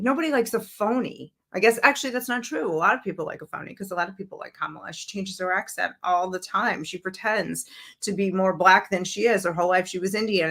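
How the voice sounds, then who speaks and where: A woman's voice: lowish voice, pushed and bright. Blunt, sarcastic woman show host. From Brooklyn, New York, USA. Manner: blunt, sarcastic, conversational with fillers. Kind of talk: political commentary show.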